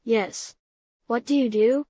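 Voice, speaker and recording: Steady, coaxing boy voiced by a woman reader; a little high, dry close storybook sound. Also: slow, no room sound. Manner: calm, coaxing, repetitive questions. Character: calm, questioning boy Sam.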